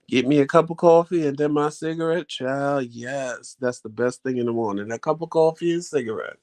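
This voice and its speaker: A man's voice: medium pitch, moderate pace, hardly any pauses. A man hosting a vlog, chatting casually and telling stories in a loose, colloquial way, talking straight to his viewers. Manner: animated storyteller, acts out quoted talk. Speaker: vlog host. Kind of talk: casual chat.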